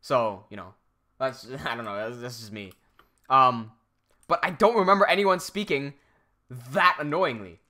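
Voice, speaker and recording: A young man from Hong Kong with an American English accent is livestreaming, casually chatting and reading viewer comments aloud. His voice is medium-pitched and sharp in tone, and he speaks without hurry.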